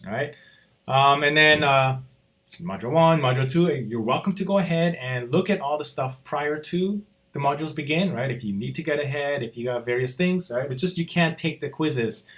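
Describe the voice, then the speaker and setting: A man teaching a college course in a recorded walkthrough, chatty and relaxed, checking in with "right?" after nearly every point. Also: fairly high pitch, normal speed. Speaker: college instructor. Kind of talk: recorded screen-walkthrough lecture.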